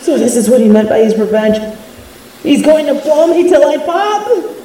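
A woman's voice: high voice, sing-song, moderate pace, warm tone, a little hiss or hum. A woman voicing a cocky, mean female bunny villain who taunts and swears in an audio role-play. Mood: panicked. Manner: taunting, mocking, swears a lot.

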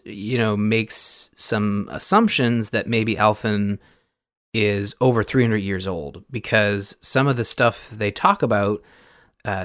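A man's voice: medium pitch, no echo, studio quality. A man hosting a podcast, recapping a video game in a loose, rambling way with many fillers and restarts. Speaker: podcast host.

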